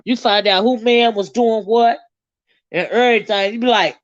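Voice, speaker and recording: A woman's voice: on the high side, no room sound, highs cut off. Sassy Southern woman chatting with viewers. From American South. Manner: sassy, laughs often, drawn-out exclamations. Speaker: livestream host reading viewer comments. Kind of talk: casual chat.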